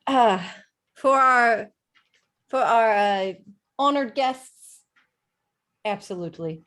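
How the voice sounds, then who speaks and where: A woman's voice: on the high side, slow, a bit bright. A woman voicing a bubbly female innkeeper with a light put-on Scottish accent, chirpy and welcoming. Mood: cheerful.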